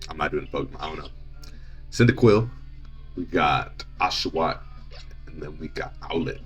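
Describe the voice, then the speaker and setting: A man's voice: rumbling low, lively intonation, normal speed, long pauses, fairly bright tone, faint music behind. A man giving casual, joking commentary while playing a video game. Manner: offhand, joking asides. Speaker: gaming channel host. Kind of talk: casual let's play commentary.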